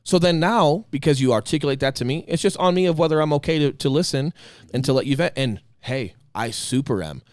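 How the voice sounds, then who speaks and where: A man co-hosting a casual podcast chat, talking with emphatic passion and swinging between loud bursts and quiet asides. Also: fairly high pitch, animated, a little fast, no room sound, studio quality. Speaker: podcast co-host.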